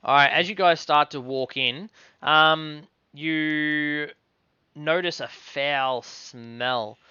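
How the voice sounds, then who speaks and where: A man runs a tabletop game in a relaxed voice, his tone very bright and crisp. He narrates haltingly, with many fillers, and the recording sounds dry and a little dull. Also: on the high side, no echo. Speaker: game master.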